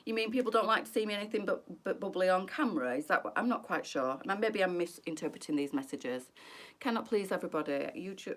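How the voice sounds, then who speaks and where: A middle-aged woman, a boutique presenter chatting candidly and emotionally on a live stream, answering viewers by name. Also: lowish voice.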